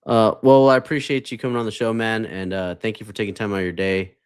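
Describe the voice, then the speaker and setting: Brief: low-voiced host who talks fast, quick and easygoing. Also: male voice, little pitch movement, smooth. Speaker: podcast host. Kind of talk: casual podcast chat.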